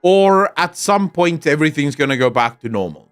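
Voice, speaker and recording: A man's voice: fairly high pitch, lively intonation, normal speed, smooth, soft background music. Sardonic South African man streaming. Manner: sardonic, joking, frequent laughter and swearing. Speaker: streamer reading chat. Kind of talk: casual live-stream chat with profanity.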